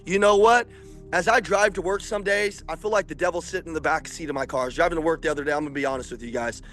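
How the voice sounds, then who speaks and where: A man with a high, ringing voice gives a fired-up motivational talk to salespeople, preaching hard and climbing to shouts. Faint music sits under him. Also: very fast. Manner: intense, preachy, builds to shouting. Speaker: sales coach. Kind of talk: motivational speech.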